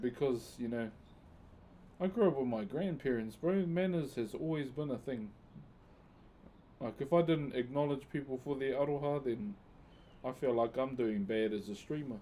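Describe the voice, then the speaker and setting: A man's voice: fairly high pitch, warm tone, a little hiss or hum. Laid-back New streamer man. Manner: laid-back, thanks viewers by name, uses Maori words. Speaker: live streamer and wood carver. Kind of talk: casual live-stream chat.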